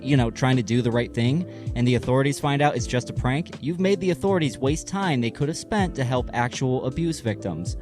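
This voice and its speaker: Sarcastic male commentary voice-over. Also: medium pitch. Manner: sarcastic, salty. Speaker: commentary YouTuber.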